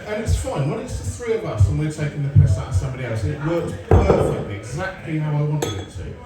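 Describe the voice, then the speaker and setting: This is a stand-up set by an English man in his forties, sarcastic and swearing as he tells stories and works the crowd at a comedy club. His voice leans high, with big pitch swings and a quick pace. Recorded from afar in a roomy live venue, it's very noisy, with the crowd and their laughter audible.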